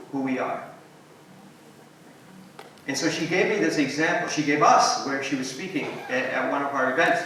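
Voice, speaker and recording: A man giving an animated storytelling talk at a symposium, voicing quotes and dropping to soft tones. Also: on the high side, recorded from a distance, a little hiss or hum. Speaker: invited speaker. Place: symposium hall. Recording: echoey hall, picked up from afar.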